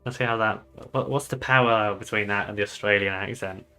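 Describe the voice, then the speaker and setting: A man's voice: lowish voice, fairly even intonation, brisk, bright, forceful tone, smooth, faint music behind. A young British man chatting casually on a live stream, loose and swearing often with laughing asides. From United Kingdom.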